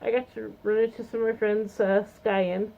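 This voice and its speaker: A woman's voice: medium pitch, little pitch movement, normal speed, vocal fry. A woman chatting casually to camera in a bubbly, gushing, rambling way with many ums and giggles. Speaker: vlogger reviewing a convention. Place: home, seated in a chair. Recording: lo-fi phone-like sound.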